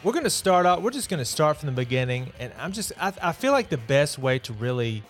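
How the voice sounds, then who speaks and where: A man hosting a podcast, giving a casual, opinionated solo movie review in a chatty, exasperated way. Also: medium pitch. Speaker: podcast host.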